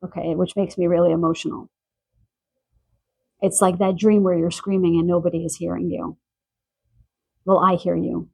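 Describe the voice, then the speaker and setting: Soft, slightly husky woman giving a card reading. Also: fairly low pitch, level tone, no room sound, poor audio. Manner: gentle, searching, relays messages with pauses and fillers. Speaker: tarot card reader. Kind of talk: spiritual pick-a-card reading. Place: quiet room in the evening.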